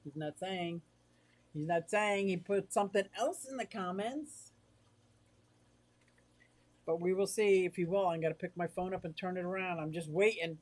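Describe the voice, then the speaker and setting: A chatty livestream host who reads viewer comments aloud and answers them, easily excited and warm. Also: medium pitch, moderate pace, pauses often. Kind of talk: casual livestream chat.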